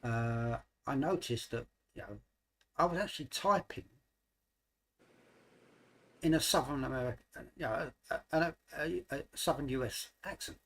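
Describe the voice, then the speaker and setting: A man's voice: mid-range voice, normal speed, pauses often. A middle-aged man from London with a London accent, chatting casually on a livestream and rambling with lots of fillers. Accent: London English. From London, England. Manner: rambling, hesitant with many fillers. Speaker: livestream host. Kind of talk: casual chat.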